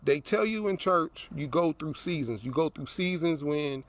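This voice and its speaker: A man's voice: on the high side, animated, normal speed. A man telling a personal story in a rambling way, repeating his phrases, recorded outdoors by an apartment building. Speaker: vlogger.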